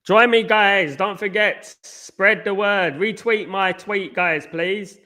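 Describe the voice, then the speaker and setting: A man rambles casually to his live-stream viewers, full of fillers and restarts. His voice sits fairly high and sounds bright and tense. He talks straight to the audience as a football watchalong host. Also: slow pace. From England.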